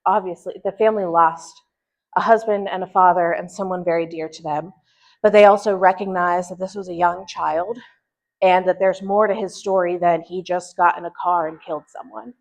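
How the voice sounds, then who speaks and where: A woman presenting to a church group, speaking earnestly and thoughtfully, with pauses and restarts as she reflects. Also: on the low side, fairly even intonation. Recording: dull lo-fi recording.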